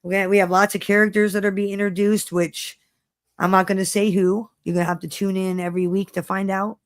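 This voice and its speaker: A woman's voice: mid-range voice, brisk, no room sound, clean studio sound. A woman co-hosting a casual chat, swearing freely and telling stories with lots of energy. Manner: profane, animated storytelling. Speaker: co-host.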